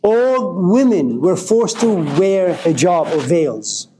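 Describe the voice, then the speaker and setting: Male lecturer, philosophical and digressive, mellow tone, slow deliberate delivery. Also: high-pitched, big pitch swings, a little hiss or hum, rough recording.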